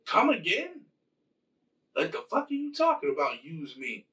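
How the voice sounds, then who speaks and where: A man's voice: fairly high pitch, normal speed, a bit bright, lightly acted. A man voicing a brash male soldier who challenges strangers with profane disbelief. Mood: incredulous.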